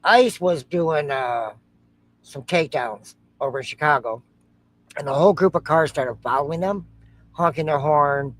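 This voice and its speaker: A man's voice: a little high, moderate pace, no room sound. A man co-hosting a reaction show, chatting casually and joking, humming to himself while he searches for clips.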